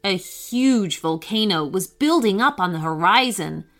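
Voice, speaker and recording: A woman narrating a children's story, reading aloud gently and expressively. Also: mid-range voice, animated, measured pace. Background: faint music.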